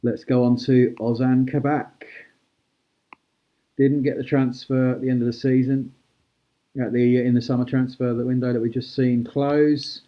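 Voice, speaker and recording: Brisk man calling out an auction. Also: medium pitch, little pitch movement, highs cut off. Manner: brisk, chatty auctioneer calling prices and thanking bidders. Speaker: host auctioning cards. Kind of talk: live-stream auction patter.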